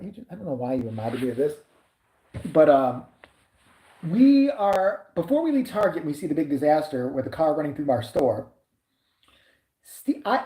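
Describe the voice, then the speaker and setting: A woman with a low voice and a dark, mellow tone tells a rambling, foul-mouthed story to camera. Her pitch swings widely as she jumps between her own lines and the people she quotes. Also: reverberant. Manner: profane, animated storytelling. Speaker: vlogger. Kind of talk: storytime anecdote.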